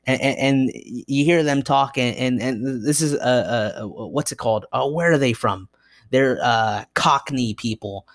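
A man's voice: mid-range voice, measured pace, no room sound, clean studio sound. A young man hosting a solo podcast, rambling and self-mocking, with frequent restarts and asides. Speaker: podcast host.

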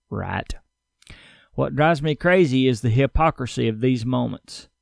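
A man's voice: medium pitch, gravelly, dry recording, studio quality. A man hosting a podcast, reading and mocking news stories in a wry, sarcastic way. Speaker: podcast host.

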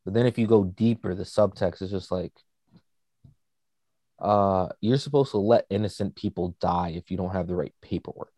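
A man's voice: deep voice, normal speed, mellow, no room sound. A man casually chatting as a podcast co-host, rambling with lots of fillers. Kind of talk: casual chat.

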